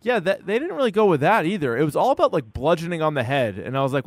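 Animated man chatting on a podcast. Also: quick pace, no echo. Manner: animated, acts out quotes in a high voice. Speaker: podcast co-host. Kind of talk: casual chat.

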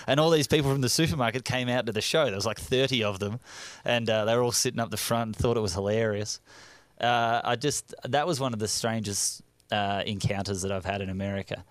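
A man's voice: on the low side, fairly quick, dry recording. A man from Australia with an Australian accent, a comedian chatting as a radio guest and joking about himself. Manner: jokey, self-mocking, laughs often. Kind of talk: casual radio interview chat.

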